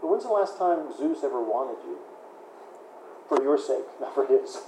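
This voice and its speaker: A man's voice: mid-range voice, expressive, unhurried, mellow, a little hiss or hum. Man preaching in an echoey hall. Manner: conversational preaching with repeated words and fillers. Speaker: pastor. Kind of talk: sermon.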